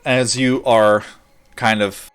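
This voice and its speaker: A man runs a tabletop game as its game master. His narration is loose and casual, full of fillers and quick bursts. His voice sits at a middling pitch. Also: flat delivery.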